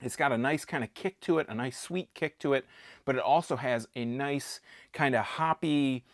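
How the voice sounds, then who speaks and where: A man talking through a beer tasting in a relaxed, rambling way, cracking small jokes as he goes. His voice has a gravelly edge and sits at a middle pitch, recorded close and dry with no room sound. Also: normal speed, no echo. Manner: chatty, jokey, rambling with restarts. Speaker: beer reviewer. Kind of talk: casual beer tasting vlog.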